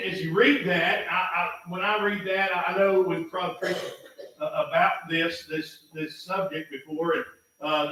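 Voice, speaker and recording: A pastor preaching a folksy sermon, repeating himself and building up to shouts. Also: male voice, high-pitched. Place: church sanctuary. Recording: echoey hall, mic far off.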